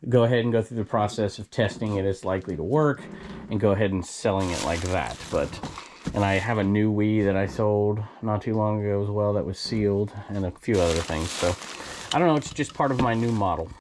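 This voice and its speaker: A man's voice: on the low side, a little mellow, slight background noise. A man reselling secondhand goods, talking casually to camera in an opinionated, rambling way. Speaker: reseller vlogger.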